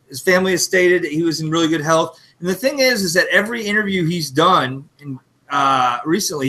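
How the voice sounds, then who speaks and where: A man's voice: a little high, pushed and bright. A man in his thirties co-hosting a podcast, chatting casually and sentimentally with self-deprecating asides. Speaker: podcast co-host. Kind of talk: casual chat.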